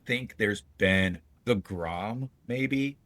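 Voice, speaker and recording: A man on a podcast, chatting casually and telling lively stories with slang and frequent laughter. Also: on the low side, drawn-out words. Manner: animated storyteller, laughs often, slangy. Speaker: podcast co-host. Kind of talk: casual chat.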